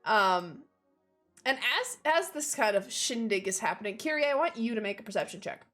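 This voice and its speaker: A woman's voice: on the high side, animated, fast, a bit bright, soft background music. Chatty young woman running a tabletop game. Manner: casual, rambling, with filler words. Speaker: game master.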